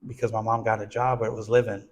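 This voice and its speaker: A man's voice: on the low side, level tone, fast. A man who founded a nonprofit tells his childhood story in a casual, earnest interview. He talks conversationally, with many restarts and "you know"s. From United States (born in Texas, raised in southern California).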